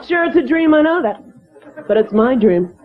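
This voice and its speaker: A woman's voice: sits high, lively intonation, moderate pace, noisy background. A woman with an Ohio accent doing chatty, self-mocking stand-up comedy on a club stage. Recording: muffled club recording with loud crowd.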